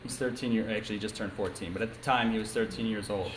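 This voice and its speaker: Young man, rapid candid storytelling, echoey meeting room, faint hiss. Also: fairly low pitch, fairly even intonation. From upstate New York. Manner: candid, storytelling, many filler ums and likes. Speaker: recovery meeting speaker. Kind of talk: personal testimony at a recovery meeting.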